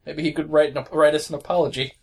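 Wry, husky male co-host. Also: fairly high pitch, fairly even intonation, fast talker. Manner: wry, teasing interjections. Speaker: podcast co-host. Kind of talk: casual chat.

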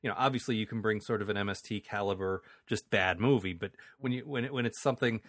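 A man's voice: on the low side, quick pace, a bit bright, dry recording, clean studio sound. A man hosting a casual podcast chat, rambling with frequent restarts and laughing often. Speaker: podcast host.

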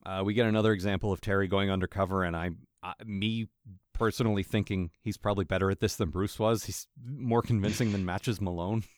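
A man's voice: on the low side, steady tone, brisk, dry recording, studio quality. A man co-hosting a podcast in casual, chatty talk, sometimes swearing. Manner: chatty, swearing, laughs often. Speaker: podcast co-host. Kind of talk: casual chat.

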